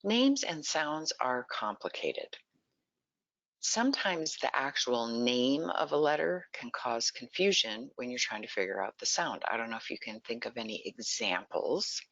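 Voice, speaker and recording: A presenter walks listeners through early literacy in an online webinar, keeping the tone bright and forceful. The delivery is patient and explanatory, with frequent questions to the audience. The sound is dry and close, a little dull and lo-fi. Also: mid-range voice, lively intonation, a little slow, dry recording. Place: lives in Texas.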